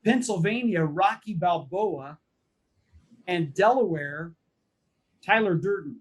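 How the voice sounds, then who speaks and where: Husky, high-voiced man co-hosting a podcast. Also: expressive, takes it slowly. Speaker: podcast co-host. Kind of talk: casual chat.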